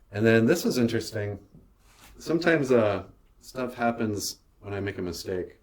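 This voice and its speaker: A cartoonist with an Ojibwe reservation accent, giving a casual, rambling studio tour with jokes and lots of fillers. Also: male voice, lowish voice, darkish tone. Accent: Ojibwe reservation English. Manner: rambling, joking, with many fillers. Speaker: show creator and cartoonist.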